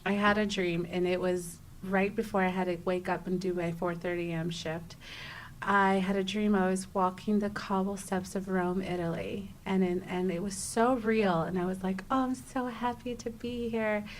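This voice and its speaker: A young adult woman, a podcast guest, telling a personal story in a casual interview, animated and acting out her own exclamations, with frequent restarts. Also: lowish voice, normal speed, a little hiss or hum.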